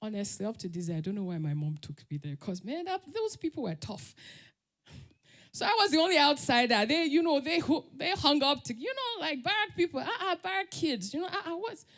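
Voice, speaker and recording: A middle-aged Nigerian woman with a Nigerian English accent, giving a lively storytelling talk as a conference speaker. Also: high-pitched, brisk. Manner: lively, laughs often, acts out quotes.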